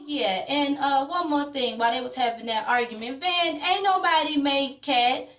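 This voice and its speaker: Woman with slang, blunt opinionated recap, bright higher voice, roomy echo. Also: normal speed. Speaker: vlogger recapping a TV episode. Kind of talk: casual chat. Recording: echoey room.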